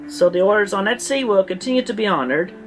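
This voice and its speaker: A woman's voice: medium pitch, lively intonation, quick pace, faint music behind, lightly acted. A woman in an archived clip ranting in a put-on, theatrical British-sounding accent, pompous and indignant. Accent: imitated British. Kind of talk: archived online video rant.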